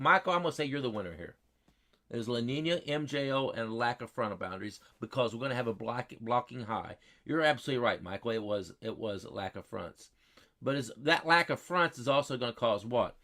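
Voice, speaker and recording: Man, weather stream host, folksy, repetitive, mid-pitched voice, chatting with viewers. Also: fairly bright tone. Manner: folksy, repetitive, quizzes his chat.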